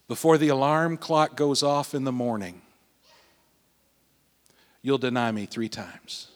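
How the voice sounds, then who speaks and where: A man preaching, voicing a gentle, grieving teacher who speaks softly, slowly and gravely. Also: mid-range voice, close to an everyday voice. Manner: soft, slow and grave. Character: sorrowful grown male teacher, gentle.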